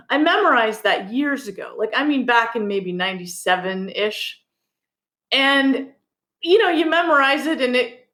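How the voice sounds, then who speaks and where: High-voiced woman telling a story. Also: reverberant. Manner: animated, laughs while telling a story. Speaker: guest author. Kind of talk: conversational storytelling.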